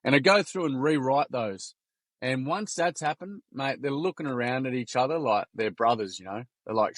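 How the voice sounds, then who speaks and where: Animated Australian man telling stories. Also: medium pitch, moderate pace, no echo. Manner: animated, slangy, acts out quotes. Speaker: podcast guest, workshop founder. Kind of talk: casual storytelling interview.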